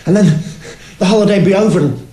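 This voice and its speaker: A man's voice: sits high, fast talker, dark tone, roomy sound, slight background noise. A man telling stand-up anecdotes in a rambling, stammering way. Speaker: stand-up comedian. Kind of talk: stand-up storytelling.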